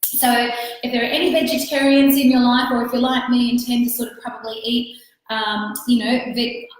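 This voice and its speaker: An Australian woman hosting a live cooking stream as a cookbook author, chatting casually as she cooks, greeting viewers by name and thinking aloud. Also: fairly high pitch. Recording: very echoey kitchen room.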